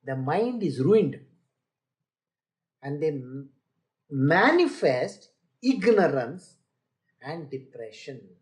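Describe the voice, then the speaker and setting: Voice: medium pitch, big pitch swings, drawn-out words, pauses often. Spiritual teacher lecturing with pointed rhetorical questions. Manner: mocks boastful people by quoting them. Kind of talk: scripture exposition lecture.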